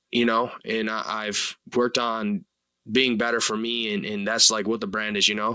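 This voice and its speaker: Bright-voiced young man rambling earnestly. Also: mid-range voice, no room sound, poor audio. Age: 20s. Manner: earnest and rambling, full of "like" and "you know", casual swearing. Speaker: podcast host. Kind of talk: casual solo podcast monologue.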